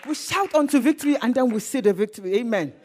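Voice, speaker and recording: A married woman preaching a sermon, animated and swinging into bursts of shouting. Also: fairly high pitch, rapid-fire, a faint crowd, slight background noise. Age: adult, married.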